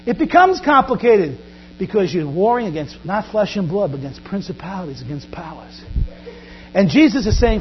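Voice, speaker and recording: A man preaching a sermon as pastor, animated, often acting out Bible scenes in quoted voices. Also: sits high, normal speed. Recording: dull lo-fi recording with faint mains hum.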